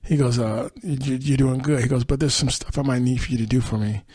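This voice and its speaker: A man's voice: mid-range voice, steady tone, brisk, dark tone, husky, dry recording. A man hosting a podcast, recapping a TV episode in a rambling, casual way with fillers and chuckles. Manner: rambling retelling with fillers and laughs. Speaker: podcast host.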